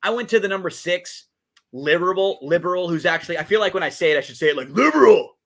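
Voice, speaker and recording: Fast and forceful, a man with a high, bright voice co-hosts a podcast, casually discussing race and game picks. His betting chat is packed with fillers and restarts.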